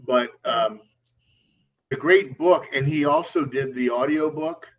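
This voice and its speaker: A man's voice: mid-range voice, a little slow. Distant lo-fi man rambling on a podcast. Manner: rambling, lots of ums and uhs. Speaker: podcast co-host. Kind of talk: casual chat. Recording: lo-fi, distant mic with faint hum.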